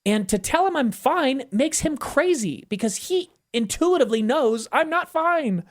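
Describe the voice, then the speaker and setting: Animated, candid middle-aged man. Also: measured pace. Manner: animated storyteller who acts out quoted voices; candid and emotional, with emphatic swings in pitch. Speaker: podcast guest. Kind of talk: conversational interview.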